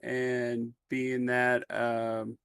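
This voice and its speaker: Gravelly laid-back game master man. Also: medium pitch, completely flat delivery, drawn-out words, fairly bright tone. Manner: laid-back, easygoing, lots of fillers. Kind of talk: narrating a tabletop game.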